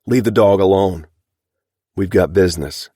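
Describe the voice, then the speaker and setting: A man's voice: low voice, moderate pace, dark tone, breathy edge, dry recording, studio quality, pitched above the performer's own voice. A man voicing a stern young ranch hand who speaks in a firm, clipped, commanding way, often sarcastic.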